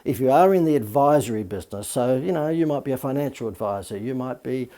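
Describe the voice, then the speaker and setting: Middle-aged guy coaching on marketing, mellow warm tone, chatty with lots of uh and you know. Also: medium pitch, lively intonation, quick pace. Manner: chatty, many fillers, asks "okay?". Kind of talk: casual video talk on marketing.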